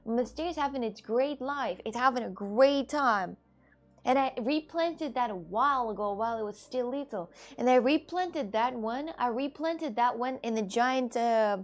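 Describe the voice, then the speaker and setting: A woman's voice: on the high side, normal speed, faint music behind. A young woman, chatting casually on a live stream and answering viewers' questions.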